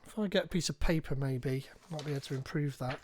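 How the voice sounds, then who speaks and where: A man hosting a live tech tutorial, reading instructions aloud and thinking out loud as he goes. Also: on the high side, quick pace, noisy background. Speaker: tech streamer.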